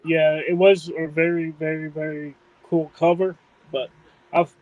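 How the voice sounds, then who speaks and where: Dry flat-voiced man. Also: fairly high pitch, a little slow, narrow, tinny audio. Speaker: podcast co-host. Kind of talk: casual chat.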